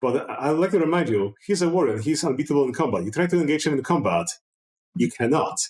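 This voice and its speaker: A man running a tabletop game as game master, chatty and relaxed, with many fillers. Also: fairly high pitch, fast talker, reverberant, poor audio.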